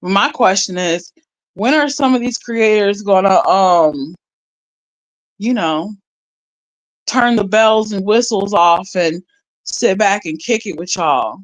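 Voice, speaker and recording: A woman's voice: medium pitch, takes it slowly, long pauses, no room sound, low-quality recording. A woman chatting casually on a livestream, rambling and laughing as she reads her viewers' chat aloud.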